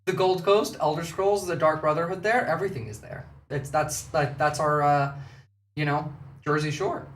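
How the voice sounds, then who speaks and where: A man's voice: fairly high pitch, fairly even intonation, normal speed, slight background noise. An Australian man doing casual live commentary, swearing often and filling his talk with "uh" and "um". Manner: casual, profane, filler-heavy. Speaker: streamer reacting to clips. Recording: distant mic in an echoey room.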